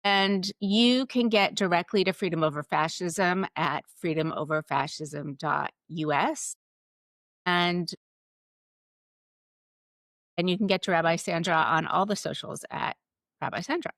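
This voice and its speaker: Woman, interview host, earnest and thoughtful, lowish voice, dry close sound. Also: a little slow, long pauses, fairly bright tone, no echo. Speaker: podcast host. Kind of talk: live interview hosting.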